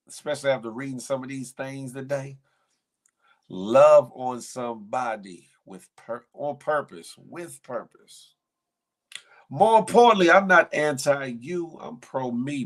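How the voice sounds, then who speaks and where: A man hosting a live morning show, casually chatting and reading viewer comments with playful banter, frequent laughter and slangy speech. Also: mid-range voice. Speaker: show host.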